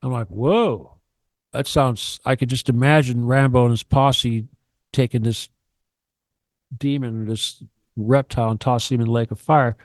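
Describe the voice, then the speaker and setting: A man's voice: mid-range voice, little pitch movement, normal speed, dry recording. A man ranting on a radio talk show, profane and emphatic, lecturing and repeating himself.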